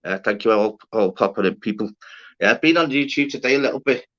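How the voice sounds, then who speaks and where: The host of a casual livestream, a man with a mid-range, somewhat bright voice, talks quickly as he rambles on. He curses and banters with chat, and the stream audio sounds dull and lo-fi.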